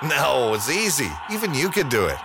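Male actor as a breezy homeowner in an ad, lively and upbeat, clear background noise. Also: mid-range voice, normal speed. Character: proud male homeowner chatting with friend. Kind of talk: scripted radio ad dialogue.

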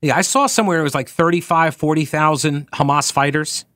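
A man's voice: on the high side, fairly quick, dry recording. Sarcastic male talk radio host, dry studio. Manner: sarcastic, mocking, animated. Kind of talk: casual talk radio, reading listener mail.

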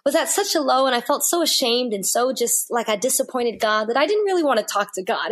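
A woman's voice: fairly high pitch, animated, a little fast, hardly any pauses. A woman guest on a faith interview, telling her personal story in an earnest, heartfelt way and repeating phrases for emphasis.

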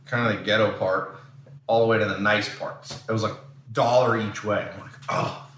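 A man's voice: on the low side, steady tone, moderate pace, fairly bright tone, roomy sound, recorded from a distance, slight background noise. A man from San Diego telling blunt, rambling stories as a podcast host in casual chat. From San Diego, USA.

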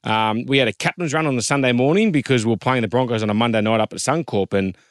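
An Australian man in his thirties, a former rugby league player telling an animated story in casual chat, quoting others in lively voices. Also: mid-range voice, quick pace, smooth, no echo, studio quality.

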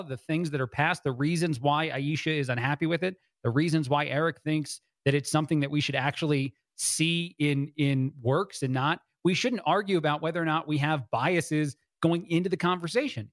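A man's voice: on the high side, no echo. Rambling talk-radio man, dry studio sound. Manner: rambling, frequent "uh" fillers and restarts. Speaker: fill-in radio host.

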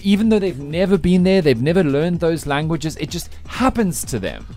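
A man hosting a breakfast radio show, teasing his co-hosts in lively banter. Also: on the high side, moderate pace, faint music behind. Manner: teasing, animated, laughs often.

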